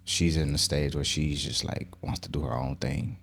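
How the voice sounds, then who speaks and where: A man co-hosting a casual podcast, joking and expressive as he chats about family. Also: rumbling low, moderate pace, vocal fry. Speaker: podcast co-host, husband. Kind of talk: casual chat.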